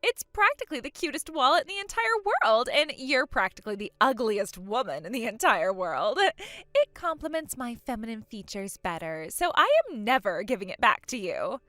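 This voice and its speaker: A woman's voice: a little high, sing-song, normal speed, sharp tone, dry recording. A woman voicing a spoiled, vain younger sister who taunts and giggles in acted story dialogue. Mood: taunting.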